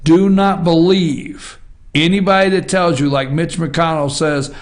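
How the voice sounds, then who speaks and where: A man with a notably high voice delivers a fired-up political opinion monologue as a talk show host. He hammers his points with emphatic, repeated refrains. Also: a little slow.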